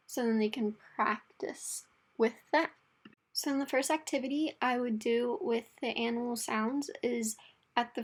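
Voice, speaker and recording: A young woman presenting her Spanish lesson plan in a chatty way, with frequent fillers. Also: a little high.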